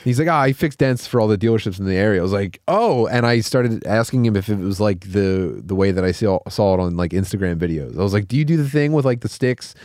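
A man tells a lively, teasing anecdote into a close, dry studio mic. His voice is middling in pitch but very expressive, climbing and dropping as he goes. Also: dry recording. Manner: animated anecdotes, quick laughs, teasing. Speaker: podcast co-host. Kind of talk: casual comedic chat.

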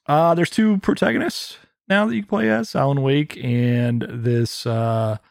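A man's voice: mid-range voice, a little slow, creaky, dry recording, studio quality. A man co-hosting a casual gaming podcast, talking in an eager, playful way. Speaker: podcast co-host. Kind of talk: casual chat.

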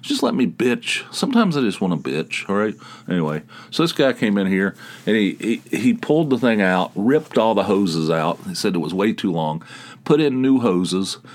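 A man with a very low, deep voice hosts his podcast alone, letting his stories wander in a loose, casual monologue. He gripes about everyday annoyances with wry, crude humor and a self-mocking edge. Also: very animated, moderate pace. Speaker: podcast host.

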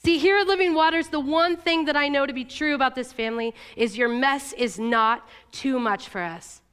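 A woman from Oregon giving a sermon, telling a personal story in an emotional, confessional way. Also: fairly bright tone. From Oregon, USA. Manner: emotional, confessional storytelling with quick shifts in pitch. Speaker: church staff speaker.

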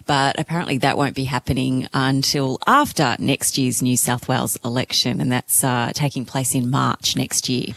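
A woman's voice: very deep voice, fairly even intonation, normal speed, vocal fry, hardly any pauses, fairly bright tone. An Australian woman co-hosting a news podcast, friendly and bantering. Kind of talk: casual news podcast chat.

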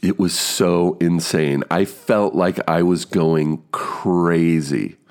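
A man's voice: low voice, steady tone, slow, a little mellow, clear, resonant tone. A man in his fifties telling a casual story about an audition, swearing freely and acting out his own stumbles. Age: 50s.

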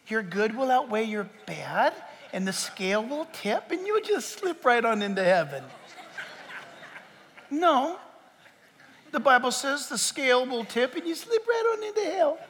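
A man preaching a sermon as pastor, emphatic and joking, jumping from loud punchlines to quiet asides. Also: in a large hall. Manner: emphatic, rising to shouts and dropping low for asides; joking, with quick laughs.

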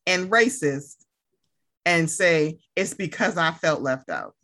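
A woman co-hosting a casual chat, talking in an animated, profane way and acting out heated rants. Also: sits low, slow.

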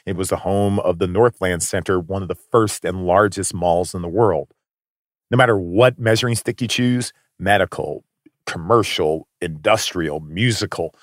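A man's voice: low-pitched, dry recording, clean studio sound. A man narrating a documentary in a polished, wry scripted voice-over.

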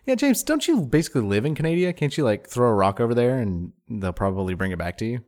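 Podcast co-host, male, lively pitch, quick jokey delivery. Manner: joking, riffing, animated. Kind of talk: casual comedic chat.

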